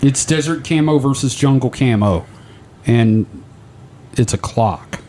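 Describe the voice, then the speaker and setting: A man's voice: medium pitch, measured pace, warm tone, slight background noise. A man co-hosting a podcast in casual chat, sounding incredulous and blurting out questions. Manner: incredulous, keeps blurting "what". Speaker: podcast co-host.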